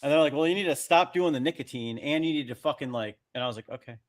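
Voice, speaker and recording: A man's voice: fairly high pitch, quick pace. Laid-back man chatting casually. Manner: easygoing, agreeable, casual swearing. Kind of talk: casual chat.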